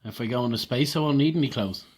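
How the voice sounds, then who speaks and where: A man's voice: medium pitch, fast, a little mellow, husky. An Irish man on a casual podcast, laid-back and joking with his friends. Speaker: podcast co-host. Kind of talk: casual chat.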